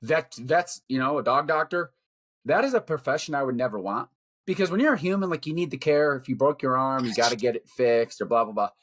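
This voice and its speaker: Brisk and a bit bright, a middle-aged man's medium-pitched voice carries a casual podcast rant. As co-host, he airs his opinions bluntly and with plenty of profanity.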